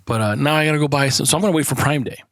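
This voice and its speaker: A man's voice: fairly high pitch, very fast, fairly bright tone, no echo. A man co-hosting a casual podcast, swearing a lot, laughing often and rambling through stories. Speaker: podcast co-host. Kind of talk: casual banter.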